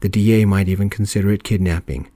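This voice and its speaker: A man telling a story in a calm, soft-spoken ASMR style. His voice is very deep and mellow. The recording is close and dry, with no room sound. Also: no room sound. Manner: calm, measured narration.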